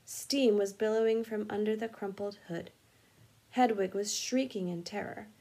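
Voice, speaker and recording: A husky, breathy-voiced woman reading a children's chapter book aloud with lively expression. Her pitch sits mid-range, and she now and then stumbles and corrects a word. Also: normal speed. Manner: animated, expressive reading with small slips. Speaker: music teacher reading aloud. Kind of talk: storybook read-aloud.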